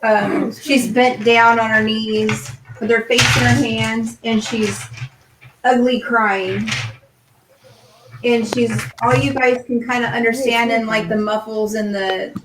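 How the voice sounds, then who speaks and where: A woman running a tabletop role-playing game, narrating casually with fillers and pauses. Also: a little high, echoey room, background noise. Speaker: game master.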